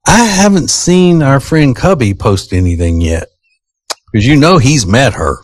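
A man's voice: mid-range voice, big pitch swings, a little slow, dry recording. A man co-hosting a morning radio show, teasing his co-hosts and laughing often. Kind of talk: joking morning radio banter.

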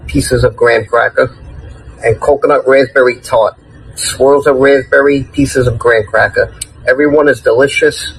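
A man with a slight Italian-American accent gives an upbeat sales pitch for his shop. His voice sits at an ordinary middle pitch. Faint ambience hangs behind him. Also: a bit bright, slight background noise, rough recording. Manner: upbeat salesman listing flavors. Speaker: ice shop owner in a promo clip. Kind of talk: promotional pitch.

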